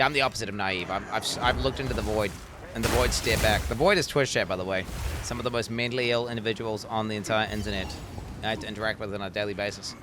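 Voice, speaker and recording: Streamer type: young man, casual foul-mouthed chatter, lively swooping pitch. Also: background noise. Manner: profane, rambling, bursts into excited yells. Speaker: game streamer. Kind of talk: casual live-stream gaming chat.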